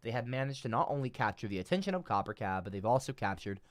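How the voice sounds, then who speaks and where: A man's voice: mid-range voice, animated, fast talker, dry recording. A man live streaming, reading and answering his chat in a rambling, profane, exasperated rant.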